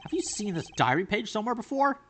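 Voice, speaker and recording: A man voicing a calm, confident male defense attorney in a video game, steady and measured. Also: high-pitched, a little hiss or hum, voice pushed up. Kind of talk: reading game dialogue aloud.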